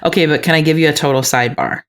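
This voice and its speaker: A woman co-hosting a podcast, telling stories in an animated, casual way with a lot of "like" in her speech. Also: deep voice, rapid-fire. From Minnesota. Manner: animated storyteller, frequent "like". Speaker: podcast co-host, realtor. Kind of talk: casual chat. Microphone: remote recording.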